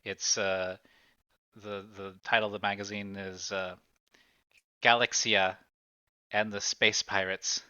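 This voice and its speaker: Slow, bright-toned game master man. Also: fairly low pitch, level tone, smooth, no room sound, lo-fi sound. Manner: hesitant, many fillers. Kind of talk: narrating a tabletop game.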